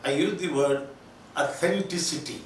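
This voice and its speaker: A man's voice: a little high, normal speed, a little hiss or hum. A man lecturing on linguistics in Telugu-accented English, spelling words out letter by letter and repeating key terms, sometimes switching into Telugu. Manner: switches between English and Telugu mid-sentence. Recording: very echoey room, voice from far off.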